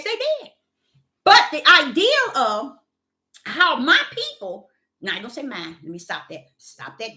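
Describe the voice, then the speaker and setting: A middle-aged woman, telling a workplace story in a casual, animated vlog with loud acted-out quotes. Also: high voice. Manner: animated, exclaiming, acts out quotes loudly.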